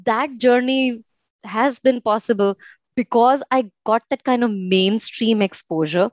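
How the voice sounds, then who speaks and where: A young woman from India speaks as an interview guest and recalls her story in a reflective way, with many pauses and fillers. The recording sounds dry and a little muffled, with no room echo. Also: fairly high pitch. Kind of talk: casual conversational interview.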